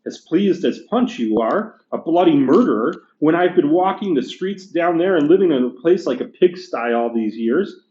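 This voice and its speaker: Brief: a man doing a loud, aggrieved working-class ghost from a book reading, raised and strained, in a dull echoey room. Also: animated, moderate pace, few pauses, lightly acted. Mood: indignant. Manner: loud, aggrieved, rising pitch. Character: blustering indignant male ghost, self-righteous working man.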